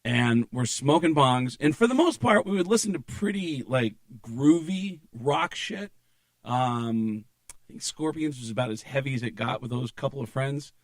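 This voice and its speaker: A man's voice: mid-range voice, expressive, moderate pace, no echo. A man in his forties from Arizona, telling rambling stories as a guest on a casual podcast. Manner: rambling storyteller, lots of fillers. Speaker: comedian guest.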